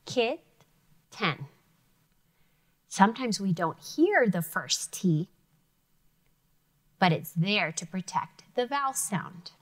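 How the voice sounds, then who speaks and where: Slow, lively-voiced woman teaching phonics. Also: mid-range voice. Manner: slow, careful sounding out of words. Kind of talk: elementary phonics lesson.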